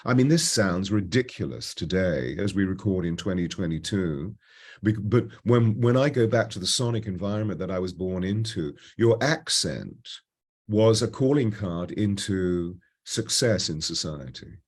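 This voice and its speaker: A voice coach in his seventies, husky and low-pitched with a polished British Received Pronunciation accent, tells reflective stories as an interview guest. His delivery moves between animated bursts and slow, hushed phrasing.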